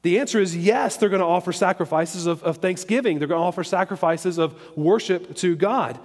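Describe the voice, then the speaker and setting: A man's voice: high-pitched, brisk. Man teaching scripture in a reverberant hall. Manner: conversational, checks in with "okay?" and "all right?". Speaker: preacher. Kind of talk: Bible teaching sermon.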